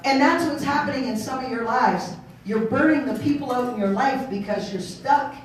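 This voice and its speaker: A woman pastor preaching a sermon in a lively, playful way, acting out voices and laughing along. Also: fairly high pitch, moderate pace. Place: church hall. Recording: echoey hall, mic far off.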